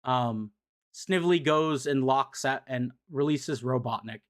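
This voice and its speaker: A man's voice: medium pitch, measured pace. A young adult man recapping comic books in a loose, profane, filler-heavy way as a streamer. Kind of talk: casual chat.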